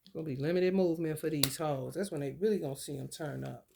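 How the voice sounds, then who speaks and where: A woman's voice: low voice, quick pace, gravelly, noisy background. A woman who reads tarot, ranting in a casual spiritual vlog with blunt, emphatic and profane speech.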